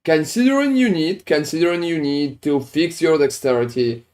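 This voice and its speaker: A man's voice: a little high, moderate pace, darkish tone. A man streaming a game, chatting casually with viewers while reviewing their builds, with phrasing and frequent swearing. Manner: casual, swears often, non-native phrasing.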